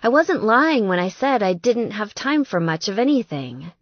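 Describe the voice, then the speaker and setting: A woman's voice: mid-range voice, very animated, moderate pace, no room sound, highs cut off. A woman narrator voicing a busy young woman with a light, cheerful voice, kind but apologetic.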